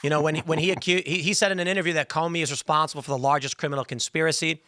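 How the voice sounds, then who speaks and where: A man's voice: on the high side, fairly even intonation, very fast, sharp tone, no echo, clean studio sound. A man in his thirties hosting a political podcast, talking earnestly in long, run-on thoughts. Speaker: podcast host. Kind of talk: casual political talk show.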